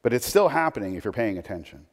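A man's voice: lowish voice, big pitch swings, quick pace. A man preaching a sermon in a conversational way, with frequent restarts and asides. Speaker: pastor. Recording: long hall reverb.

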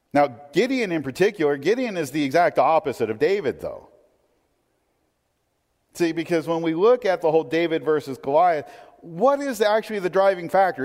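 A man preaching a sermon with a slightly higher voice, his teaching conversational. He lifts and strengthens his voice for scripture readings and drops low for quick asides. A long reverb trails behind him in the hall. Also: darkish tone. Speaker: pastor.

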